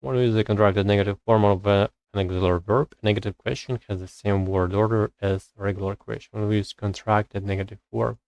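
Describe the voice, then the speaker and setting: A man on a live stream working through English grammar exercises, reading rules aloud and thinking out loud with hesitant pauses as he searches for words. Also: fairly low pitch, steady tone, gravelly, no room sound, low-quality recording.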